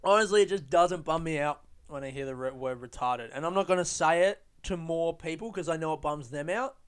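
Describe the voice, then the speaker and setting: A man's voice: on the high side, a little fast, clean tone. A man hosting a casual solo podcast, rambling in a profane, self-mocking way. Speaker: podcast host. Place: London, UK.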